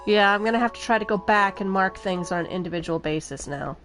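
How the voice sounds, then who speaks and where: A woman's voice: mid-range voice, quick pace, fairly bright tone, soft background music. A woman doing casual let's-play commentary, chatty and rambling as she plays. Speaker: game streamer.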